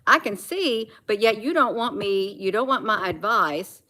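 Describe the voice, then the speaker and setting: A woman's voice: mid-range voice, animated, measured pace, bright, forceful tone. A woman talking casually at home in an opinion vlog, emphatic and repeating phrases to drive her point home. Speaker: vlogger. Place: at home, indoors.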